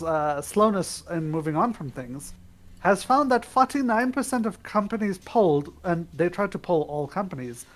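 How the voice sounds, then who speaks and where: Man, higher voice, wry opinionated news rundown, podcast chat. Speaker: podcast co-host.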